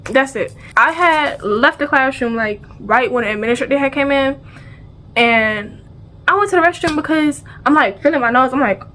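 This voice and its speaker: In an unhurried, high-sitting voice, a vlogger tells a storytime using casual slang. She gets animated, acting out the sounds and dialogue, and tends to repeat phrases.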